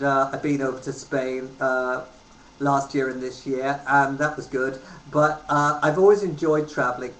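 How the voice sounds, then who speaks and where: An Englishman in his thirties tells travel stories casually into a webcam from a room at home, rambling with lots of ums. His voice is medium-pitched and a bit bright, and the webcam recording is roomy with a faint hiss.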